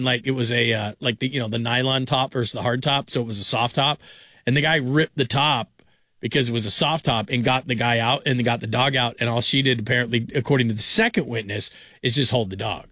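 A man's voice: medium pitch, fairly bright tone, dry recording, studio quality. Chatty late-night sports radio host, man. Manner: rambling, conversational, chuckling asides. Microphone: studio broadcast mic.

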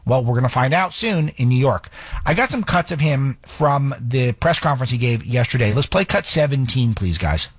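A man hosting a talk radio show, giving fast, sarcastic commentary with frequent restarts. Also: mid-range voice, lively intonation, slightly rough, no echo.

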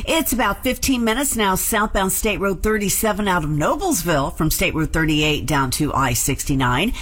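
A woman reading a radio traffic report in a brisk, matter-of-fact way. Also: fairly low pitch, expressive, a bit bright, breathy edge.

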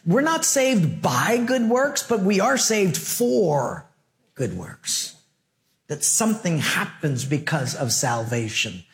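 A male preacher at a middle pitch delivers a sermon full of stories. He is animated and jokey, acting out the back-and-forth dialogue himself. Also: slow. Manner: animated, joking, acts out dialogue. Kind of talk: sermon with storytelling.

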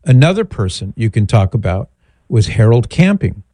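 Male call-in host, middle-aged, low warm voice, rambling but measured. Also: very animated, no echo. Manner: measured, thoughtful, rambling asides. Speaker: radio show host. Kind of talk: call-in advice talk.

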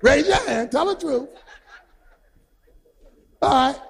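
A man preaching a sermon who tells stories with energy, shouts his points and quizzes the congregation. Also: very high-pitched, takes it slowly, vocal fry. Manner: animated storytelling, shouting for emphasis, quizzing the congregation.

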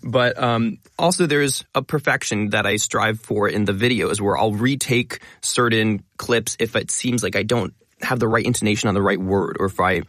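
A man talking as a guest in a casual interview, explaining in a quick, eager way. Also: lowish voice, a bit bright, no echo, clean studio sound. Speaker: guest, linguist and educational video creator.

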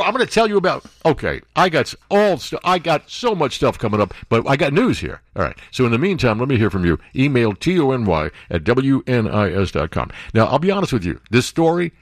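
A man's voice: mid-range voice, very animated, brisk, few pauses, no echo, clean studio sound. A man hosting a radio talk show, wisecracking and sarcastic in a casual chat about the news.

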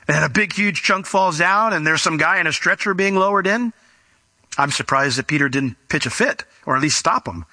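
A male pastor with a very bright, sharp voice, pitched a little high. He preaches in a loose, conversational way and acts out scenes. The sound is dry and close. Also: no echo. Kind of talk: sermon with storytelling.

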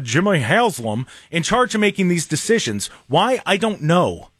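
A man's voice: a little high, big pitch swings, moderate pace, few pauses, fairly bright tone, slightly rough, no room sound, clean studio sound. A man hosting a sports talk show, delivering a sarcastic, opinionated rant and mocking people in put-on voices. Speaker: sports radio host.

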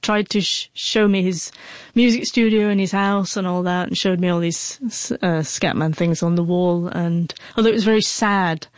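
A woman's voice: fairly low pitch, fairly even intonation, moderate pace, few pauses, no room sound. A woman with a stutter, a guest telling an emotional personal story in an interview, her speech broken by repeated sounds. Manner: emotional, heartfelt. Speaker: guest, author.

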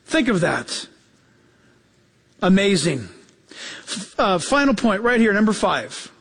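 A man preaching a sermon as pastor, telling stories in an animated way and acting out the quotes, repeating key phrases for emphasis. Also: slow, creaky, long reverb tail. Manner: animated storytelling, acts out quotes with jumps in pitch.

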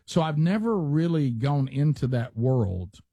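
Man, middle-aged, radio host, chatty banter, husky, dry. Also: mid-range voice, animated, unhurried, dark tone, no room sound. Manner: chatty, mimics lazy podcast talk. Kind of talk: casual talk show banter.

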